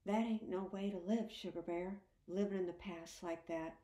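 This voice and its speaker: A woman reading a story and voicing a grieving, gentle middle-aged father who talks in a hollow, tender, pleading way. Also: fairly low pitch, steady tone, moderate pace, roomy sound, close to an everyday voice. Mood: coaxing.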